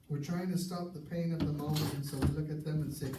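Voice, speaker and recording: A man preaching a sermon, earnest and conversational, sometimes dropping his voice low for emphasis. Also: steady tone, fast talker. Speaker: pastor. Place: church sanctuary. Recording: echoey church hall, mic at a distance, faint hiss.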